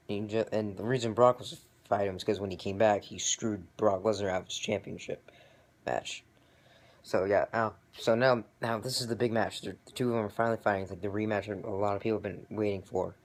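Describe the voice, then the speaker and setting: A young man with a somewhat low voice gives a loose, chatty recap. He rambles, keeps restarting his sentences and grows excited as he retells the action. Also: a little fast. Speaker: vlogger reviewing wrestling. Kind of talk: casual recap.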